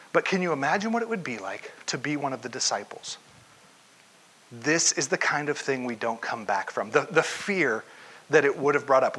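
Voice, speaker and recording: A pastor preaches with animated storytelling, turning questions directly on his congregation. His husky voice sits in the middle range.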